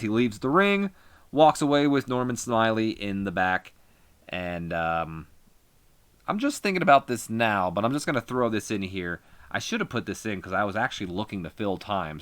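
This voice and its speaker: A man's voice: lowish voice, expressive, moderate pace, a bit bright, no room sound. A man casually narrating a wrestling management game, chatty with rambling asides. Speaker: gaming video host. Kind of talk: casual game playthrough commentary.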